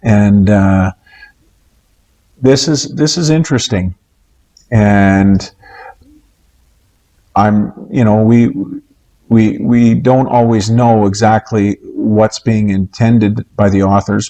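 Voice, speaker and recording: A man teaching a recorded Bible lesson, in a measured way with many pauses and "uh" fillers. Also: on the low side, warm tone.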